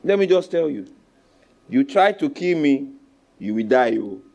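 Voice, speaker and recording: Highs are cut off in this recording of a male pastor with a Nigerian accent, whose slightly slow voice carries vocal fry. His sermon is commanding and animated, mixing loud exhortation, soft asides and call-and-response with the congregation.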